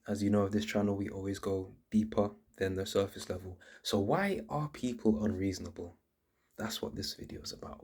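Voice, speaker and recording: Husky low-voiced man explaining earnestly. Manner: earnest, frequent restarts and repeated words. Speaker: channel host. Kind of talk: casual explanatory monologue.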